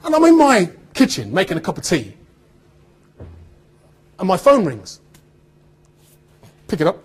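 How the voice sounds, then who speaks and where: A man giving an animated storytelling talk to students about his acting career, acting out the dialogue he quotes. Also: sits high, measured pace, pauses often, breathy edge. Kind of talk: anecdotal storytelling speech.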